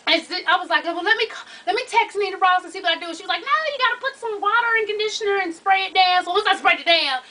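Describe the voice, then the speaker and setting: A woman's voice: very high voice, racing. A young woman telling a long story in a casual vlog, profane and laughing through it. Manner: animated, profane, laughs through her stories. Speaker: vlogger. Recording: voice from a distance off the mic.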